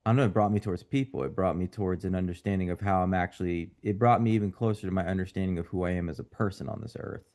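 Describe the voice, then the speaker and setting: Halting, rambling man, low voice. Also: fairly even intonation, darkish tone. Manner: rambling, halting, full of "like" fillers. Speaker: seminar participant. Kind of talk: casual group video call.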